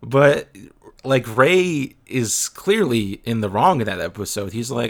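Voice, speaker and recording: Relaxed man, casual podcast co-host. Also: medium pitch, a little slow. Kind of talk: casual chat recapping a sitcom.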